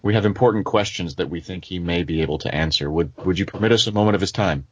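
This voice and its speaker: A man's voice: deep voice, fast talker, dull audio, a little hiss or hum, lightly acted. A man voicing a courteous warrior character who speaks with formal, deferential diction, in a tabletop game.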